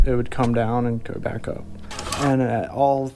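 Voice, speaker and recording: Male eyewitness, gravelly and flat in delivery, halting storyteller. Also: mid-range voice, music in the background. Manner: halting, restarts often, recalls fear. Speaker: eyewitness telling his story. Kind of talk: personal storytelling.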